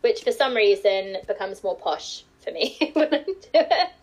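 A woman's voice: mid-range voice, very animated, moderate pace, poor audio. A woman with an English accent, a guest on a podcast, chatting casually, laughing often and trailing off with fillers. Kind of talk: casual chat.

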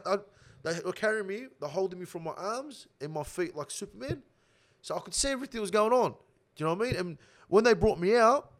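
A young Australian man telling a rough prison story in casual slang, swearing constantly. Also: high-pitched. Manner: swears heavily, animated slang-filled storytelling.

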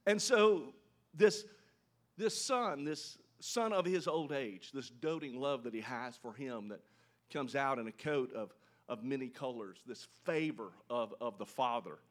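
A man preaching a sermon, telling a scripture story with animated delivery and asking his listeners questions. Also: medium pitch, unhurried. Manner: animated storytelling, voices quoted characters, asks the congregation questions. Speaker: pastor.

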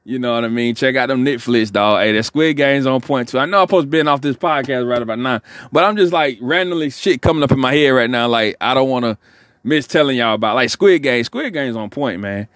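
A man hosting a podcast, rambling in relaxed slangy talk as he signs off. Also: medium pitch, fairly quick, dry recording. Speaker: podcast host. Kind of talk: casual podcast sign-off.

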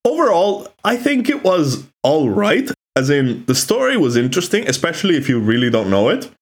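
A man's voice: fairly high pitch, very animated, moderate pace. A man from Italy with an Italian accent, a native Italian speaker co-hosting a podcast in casual, opinionated chat. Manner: chatty, opinionated, frequent "like" fillers. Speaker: podcast co-host.

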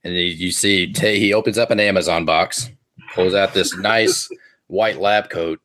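A man's voice: deep voice, fairly even intonation, unhurried, fairly bright tone. A man narrating a comedic tabletop game as game master, rambling and amused.

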